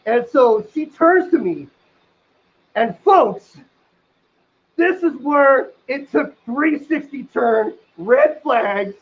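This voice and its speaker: Man, very high voice, rambling comic storyteller, crude jokes, excitable, dull lo-fi recording. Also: takes it slowly. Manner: rambling, filler-heavy, crude jokes, swings into loud excited outbursts. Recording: dull lo-fi sound.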